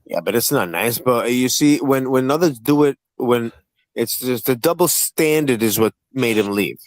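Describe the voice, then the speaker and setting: A man's voice: medium pitch, animated, normal speed, no echo, rough recording. A man hosting a heated livestream panel, swearing freely and needling his guests in a combative, mocking tone. His voice sits in an ordinary middle register and is recorded close and dry, with no room sound around it. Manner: profane, taunting and combative.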